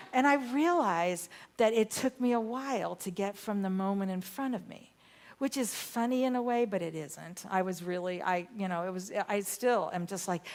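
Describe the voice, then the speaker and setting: A woman minister giving a sermon, telling a story with animated, emphatic bursts. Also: medium pitch, moderate pace. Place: church sanctuary.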